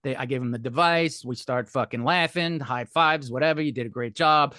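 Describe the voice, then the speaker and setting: A man's voice: medium pitch, normal speed, bright, forceful tone, dry recording, clean studio sound. A man telling a candid, rambling story with frequent swearing and restarts, as a podcast guest. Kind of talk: casual storytelling.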